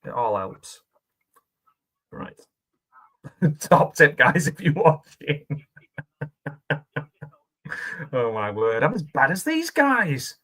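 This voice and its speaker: A man's voice: medium pitch, huge pitch swings, extremely slow, pauses often, pushed and bright. A man giving casual, rambling reaction commentary on a film, chatting and laughing as he goes. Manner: chatty and rambling, with frequent laughs and self-questioning asides.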